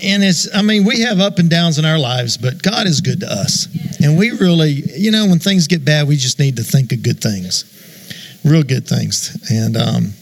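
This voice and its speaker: A man's voice: on the high side, expressive, moderate pace, vocal fry. A man preaching a church sermon in a folksy, loose way, with fillers and amens. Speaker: guest preacher. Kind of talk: sermon with a told joke. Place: church sanctuary.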